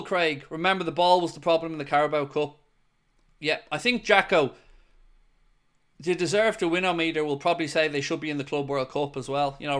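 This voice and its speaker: Bloke doing a live footy watchalong, kinda high voice, banter and play-by-play. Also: male voice, fairly bright tone. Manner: chatty, joking play-by-play with asides to the chat. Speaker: host. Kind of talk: live football watchalong commentary.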